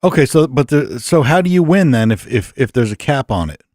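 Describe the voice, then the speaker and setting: Easygoing male host, animated delivery, dry mic. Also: mid-range voice, a little fast, no room sound. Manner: easygoing, swears casually. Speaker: podcast host. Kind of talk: casual studio chat.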